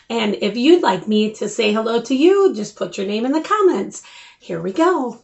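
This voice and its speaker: An older woman hosting a children's story time, reading a picture book aloud in an animated, sing-song way. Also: a little high, moderate pace, vocal fry. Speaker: storyteller host.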